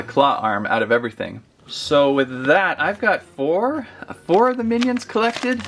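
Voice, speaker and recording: A man's voice: mid-range voice, fairly bright tone. A man chatting his way through a casual toy unboxing review, rambling and easily amused.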